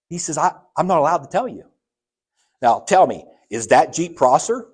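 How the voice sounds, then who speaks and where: This man's husky voice has a sing-song lilt and moves at a normal speed. He is a church elder preaching in the sanctuary, telling a story from his life and performing the dialogue with sudden highs and lows.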